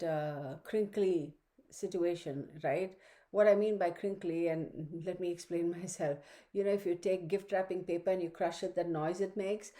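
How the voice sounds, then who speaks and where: A woman's voice: on the low side, mellow. A woman reading a casual weekly astrology forecast from home, chatty and rambling, with many fillers and side remarks. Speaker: astrology reader. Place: home room with her dog. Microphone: computer microphone.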